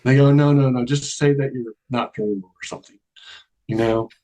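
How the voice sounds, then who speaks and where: A man's voice: mid-range voice, steady tone, brisk, warm tone, poor audio. A man telling a long personal story in a casual interview, acting out the dialogue and laughing often. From Charleston area, American South. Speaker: guest.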